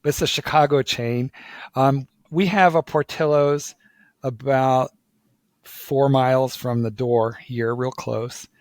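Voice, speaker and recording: A man from Philadelphia chatting casually in an interview, telling a lively story full of repeated "like"s and restarts. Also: medium pitch, slow pace, dry recording. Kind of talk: casual conversation.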